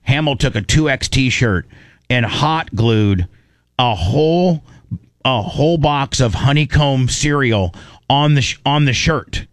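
A man hosting a talk show, telling raunchy stories in a loose, animated way with lots of repeats. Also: medium pitch, takes it slowly, dry recording. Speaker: radio show host. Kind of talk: casual storytelling chat.

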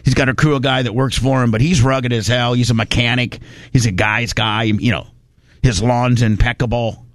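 A man from Indiana, hosting a podcast, tells a long, rambling story in casual chat, folksy in manner and acting out the voices of the people in it. His voice is medium-pitched with fairly even intonation and a moderate pace, captured dry with clean studio sound.

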